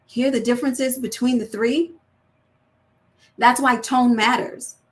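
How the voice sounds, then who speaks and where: A woman with a slightly high, fairly bright voice hosts a faith-based women's channel. In a candid talk on marriage, she speaks earnestly and conversationally, acting out example phrasings in shifting tones.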